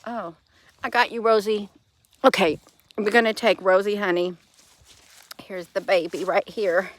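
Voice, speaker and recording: A woman's voice: medium pitch, fairly even intonation, measured pace. A middle-aged woman vlogging in a rambling, casual way, cooing fondly at her pet cat between remarks. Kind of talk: casual vlog chat.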